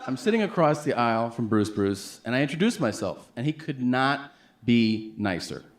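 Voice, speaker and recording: Animated stand-up comedian telling a story. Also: male voice, medium pitch, moderate pace. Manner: animated, acts out the people in his stories.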